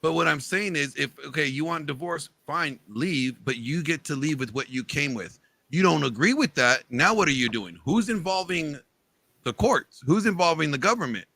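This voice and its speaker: A man's voice: fairly high pitch, expressive, moderate pace, vocal fry, sharp tone, no echo. A man hosting a live online panel, arguing his point insistently and often repeating himself. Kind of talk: heated debate.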